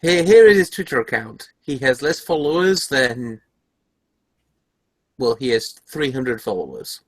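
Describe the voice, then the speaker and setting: Podcast host, man, mid-pitched, sarcastic reader, dry close mic. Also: very animated, unhurried, no echo. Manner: reads articles aloud with sarcastic asides. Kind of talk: casual chat.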